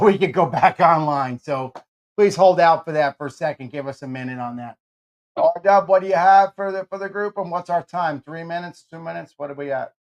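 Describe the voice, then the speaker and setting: A man hosting a radio talk show, bantering casually and joking with energy, often restarting his sentences. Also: a little high.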